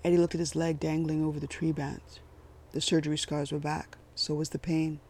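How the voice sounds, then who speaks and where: Gravelly, even-toned male narrator. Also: a little high, brisk. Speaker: audiobook narrator. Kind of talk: scripted narration.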